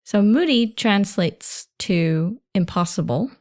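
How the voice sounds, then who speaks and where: A woman's voice: mid-range voice, animated, slow pace, a little mellow. Lady teaching phrases, patient, breaks it all down step by step. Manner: patient, explains step by step, laughs lightly. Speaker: Japanese teacher. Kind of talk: language lesson podcast.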